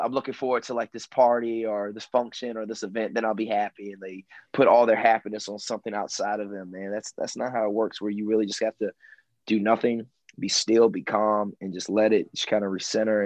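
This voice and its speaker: A man's voice: lowish voice, no echo, rough recording. A man talking in a laid-back way, who keeps saying "man" and "bro" and repeats himself. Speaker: guest. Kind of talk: casual conversation.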